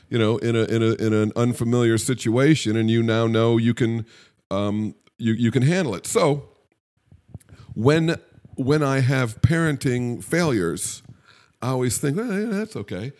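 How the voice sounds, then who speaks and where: With a mid-range, somewhat dark voice, a middle-aged podcast co-host chats casually. He's wry and meandering, frequently stopping partway through a thought to begin again.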